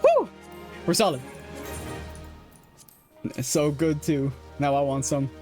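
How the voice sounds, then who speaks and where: Slow and fairly even in intonation, a young Irishman with a slightly high, darkish voice chats while streaming a game over soft background music. His talk rambles, full of fillers, restarts and laughs.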